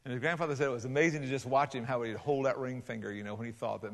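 Preacher in a reverberant hall. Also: male voice, mid-range voice, steady tone, rapid-fire, few pauses. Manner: conversational, many restarts, rising to loud emphatic passages. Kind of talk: sermon storytelling. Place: large hall with a congregation.

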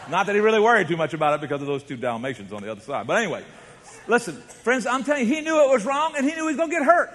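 A man preaching a sermon as pastor, telling stories dramatically and swinging from hushed tones to shouts. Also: high voice, sing-song, rapid-fire, slight background noise. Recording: long reverb of a large hall.

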